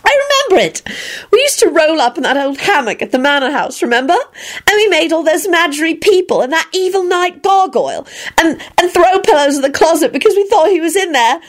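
Giggly high young woman, bouncy pitch, woman reading her lines. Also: lively intonation, a little fast. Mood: giddy. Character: giddy young woman, playful and mischievous.

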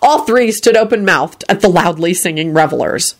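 A woman's voice: lowish voice, animated, moderate pace. A woman reading a story aloud, telling it expressively. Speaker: reader.

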